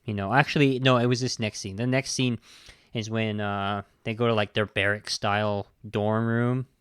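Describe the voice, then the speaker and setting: A man's voice: fairly low pitch, steady tone, normal speed, fairly bright tone, clear, resonant tone, no room sound, clean studio sound. A man hosting a podcast, talking casually and heatedly about a film, exasperated, swearing, with frequent restarts. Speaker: podcast host. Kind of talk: casual film review talk.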